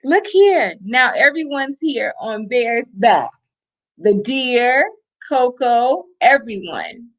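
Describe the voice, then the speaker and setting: Woman, middle-aged, storyteller, picture book reading, lively pitch, unhurried. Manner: animated, slow and expressive, showing pictures.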